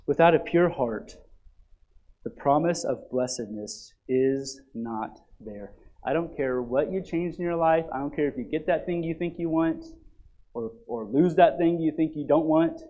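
The audio is dull, and the pastor speaks a little slowly as he delivers his sermon. He alternates soft, low asides with loud, emphatic build-ups, frequently adding "right?" and "you see?" to check in.

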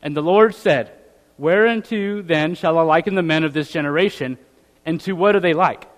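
A man's voice: a little high, normal speed, big-room sound. A man preaching a sermon in a conversational way, reading scripture aloud and asking rhetorical tag questions. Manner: reads scripture aloud in old-fashioned wording.

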